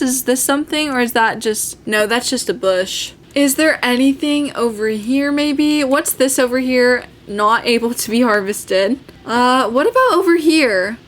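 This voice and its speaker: High-voiced, excitable woman gaming host. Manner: chatty and excitable, gasps often. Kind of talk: casual gameplay commentary.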